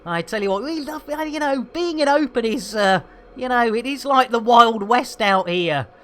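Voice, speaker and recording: A man's voice: extremely high pitch, normal speed, a bit bright. A man hosting a live gameplay stream, rambling through jokey banter and cheeky asides. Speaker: livestream host.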